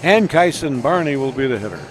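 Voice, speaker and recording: A man calling baseball play-by-play on the radio in steady, measured calls, with scoreboard updates. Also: medium pitch, music in the background. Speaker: play-by-play announcer.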